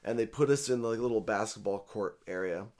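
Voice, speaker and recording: A man's voice: lowish voice, fast. A young man telling a rambling, profane story in casual speech, with lots of filler words. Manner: profane, rambling, animated retelling.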